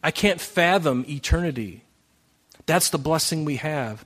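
A male pastor preaching to his congregation in a loose, conversational way. He climbs to loud, emphatic peaks, then drops to soft, quiet asides. His voice sits at an ordinary middle pitch for a man. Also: fairly even intonation, moderate pace. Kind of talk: sermon.

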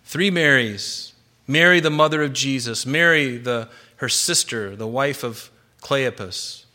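Male pastor, bright forceful tone, preaching with slow emphatic stresses. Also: medium pitch. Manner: emphatic, varies loudness and slows for stress. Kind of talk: sermon.

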